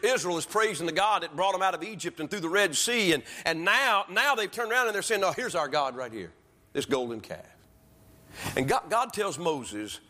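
Impassioned preacher in a hall. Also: male voice, fairly high pitch. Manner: preaching, rising to impassioned shouts. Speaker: pastor. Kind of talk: sermon. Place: church sanctuary. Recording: long hall reverb.

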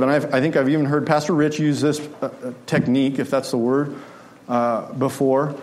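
Guy giving a sermon, kinda high voice, chatty, keeps asking the crowd questions. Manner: conversational preaching with rhetorical questions. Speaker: preacher.

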